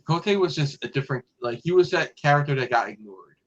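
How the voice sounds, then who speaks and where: A man's voice: fairly high pitch, animated, quick pace, a bit bright, muffled recording. A man hosting a casual fan podcast, talking in a rambling way with lots of fillers and restarts. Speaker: podcast host.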